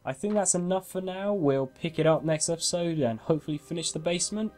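A man's voice: a little high, quick pace, a little mellow, soft background music. A man hosting a game walkthrough in casual gameplay commentary, chatty and self-mocking, laughing often.

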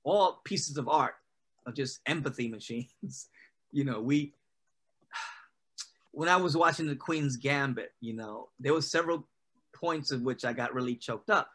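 A man talks casually as a guest poet, answering questions in a loose, rambling way with plenty of "you know" thrown in. His voice is bright and forceful, sitting at an ordinary pitch. It sounds like a video call. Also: measured pace, pauses often, slightly rough.

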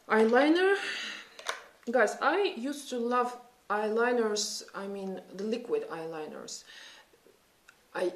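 A woman in her thirties with a Russian accent, chatting and thinking aloud while doing a makeup tutorial. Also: mid-range voice. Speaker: beauty vlogger. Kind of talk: casual makeup tutorial chat. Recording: echoey room.

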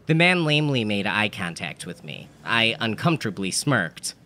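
A man's voice: on the low side, very animated, moderate pace, pushed and bright. A man telling an absurd comedic story in a dry, matter-of-fact manner. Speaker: narrator.

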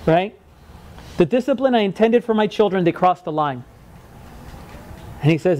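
A male pastor preaching a sermon in a conversational way, often asking "right?" and acting out quoted words in lively voices. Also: high voice, normal speed, pauses often, a little hiss or hum.

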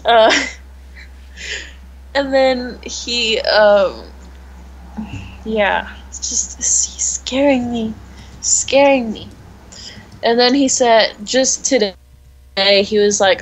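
Teen girl podcast co-host, giggly storyteller, a bit high-pitched. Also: extremely slow, pauses often, slight background noise, rough recording. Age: teens. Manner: giggly storytelling, quoting others. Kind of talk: casual chat.

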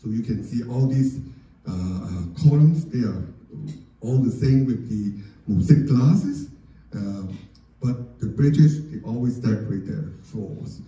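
A man gives an informal architecture lecture over slides in a church hall or lecture room, chatty and sprinkling in "you know" and "okay?" asides. His medium-pitched voice is warm, unhurried, and lively in intonation, picked up by a distant mic in a very echoey room.

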